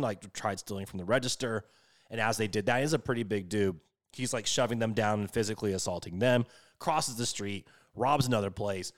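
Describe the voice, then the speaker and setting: Swearing, animated young man telling a story. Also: lowish voice. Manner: animated, swears a lot, many fillers. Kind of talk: casual storytelling.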